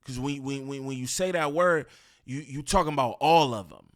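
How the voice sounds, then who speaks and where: A man's voice: mid-range voice, moderate pace. A man giving casual reaction commentary, slangy and repetitive as he talks. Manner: casual, slangy, repeats himself.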